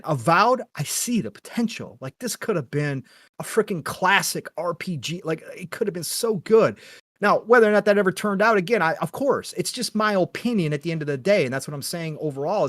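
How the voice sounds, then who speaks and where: A man's voice: fairly high pitch, dry recording, clean studio sound. A middle-aged man hosting a gaming podcast, talking in an earnest, rambling, opinionated way with casual swearing. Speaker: podcast host.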